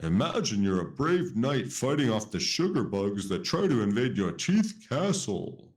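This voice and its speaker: A man's voice: medium pitch, sing-song, a little slow, a little mellow, voice pushed up. A man voicing a wise, kindly old owl in a storybook read-aloud, in a raised sing-song voice.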